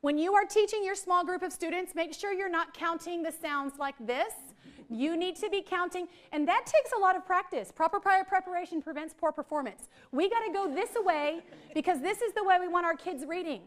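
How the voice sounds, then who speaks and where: A middle-aged woman, leading a lively, chatty teacher training workshop for a group in a training room. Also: very high voice, brisk. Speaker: literacy trainer.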